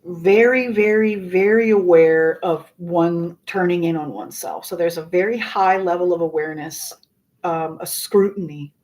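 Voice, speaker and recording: A woman with a fairly low voice talks through a live tarot spread. She is earnest and loose, repeating words as she feels her way, and swears casually now and then. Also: moderate pace, darkish tone, rough recording. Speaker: tarot reader.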